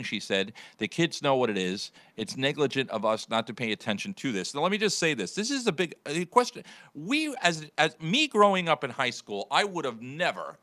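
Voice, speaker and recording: Animated guy hosting morning radio, bright voice, pitch bouncing all over, dry studio sound. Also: dry recording. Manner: animated, chatty, laughs often. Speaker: morning radio show host. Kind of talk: casual talk radio banter.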